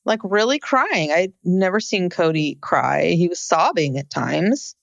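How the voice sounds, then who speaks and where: Wry woman podcast co-host, lively pitch. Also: measured pace, creaky, no echo. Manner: wry, sardonic, narrates scenes. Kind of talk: casual TV recap chat.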